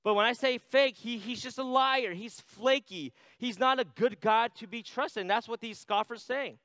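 A man's voice: very high voice, moderate pace, bright, forceful tone, dry recording. A man preaching a sermon in a conversational way, reading scripture aloud and adding "right?" asides. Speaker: pastor.

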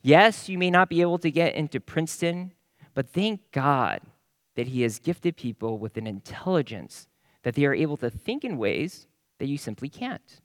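Lively, emphatic male preacher. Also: on the high side, moderate pace, dry recording, clean studio sound. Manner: animated, emphatic, repeats phrases in lists. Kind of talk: sermon.

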